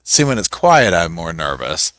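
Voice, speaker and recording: A man's voice: sits low, very animated, moderate pace, a bit bright, no room sound. A man hosting a casual live stream, mocking people with funny voices and cheerfully greeting viewers by name. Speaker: host. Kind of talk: live stream commentary with chat. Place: at home.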